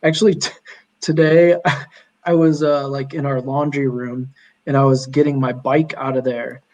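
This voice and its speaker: A young man, a podcast guest, chatting casually and telling animated stories with lots of fillers. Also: medium pitch, a little slow, poor audio. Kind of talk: casual chat.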